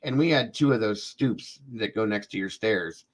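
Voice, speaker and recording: A man's voice: lowish voice, moderate pace. A man hosting a live true-crime show, telling a long personal story in a casual, rambling way, repeating himself and speaking to his viewers. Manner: speaks directly to viewers in chat.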